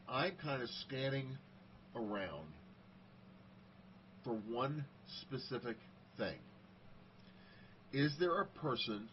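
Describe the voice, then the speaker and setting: Middle-aged man telling casual stories. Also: medium pitch. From United States. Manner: conversational, acts out quoted dialogue. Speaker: speaker sharing personal stories. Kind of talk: casual storytelling monologue. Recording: slightly dull audio, faint background hiss.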